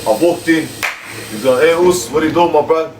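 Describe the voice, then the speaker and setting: A man's voice: fairly high pitch, fairly quick. A man, telling a story to his livestream viewers in casual, slangy chat. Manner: animated, repetitive slangy storyteller. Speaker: livestream host. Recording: echoey room, slightly distant mic, faint hum.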